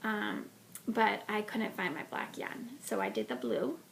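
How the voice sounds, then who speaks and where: Gravelly-voiced woman chatting about knitting. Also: mid-range voice, animated, a little slow, slight background noise. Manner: chatty, many ums and restarts. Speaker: knitting podcast host. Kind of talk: casual show-and-tell about a knitting project.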